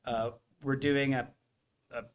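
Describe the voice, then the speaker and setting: A middle-aged man, a voice actor, telling stories to a convention audience in an animated way, acting out the other people's lines. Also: medium pitch, slow pace. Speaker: voice actor at a fan convention panel. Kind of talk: anecdotal storytelling to a live audience.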